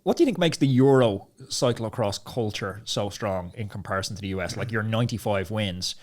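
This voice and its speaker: A man hosting a podcast, trading stories in a chatty, enthusiastic way with quick asides. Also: fairly low pitch. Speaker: podcast host, former racer. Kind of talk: casual chat.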